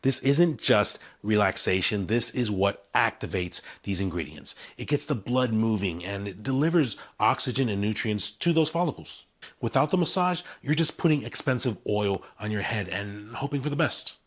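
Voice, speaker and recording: A man's voice: fairly low pitch, expressive, normal speed. A man in his forties talking to camera in an upbeat, punchy promotional style, selling his own hair routine in short emphatic phrases. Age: 40s. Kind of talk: scripted promotional talk to camera.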